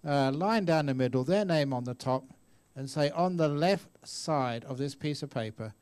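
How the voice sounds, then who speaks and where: This older Buddhist monk teacher, in his 60s, has a fairly high, smooth, slightly mellow voice and an animated delivery at a moderate pace. He gives a chatty dharma talk in a meditation retreat hall answering questions, telling stories, acting out voices, and laughing frequently.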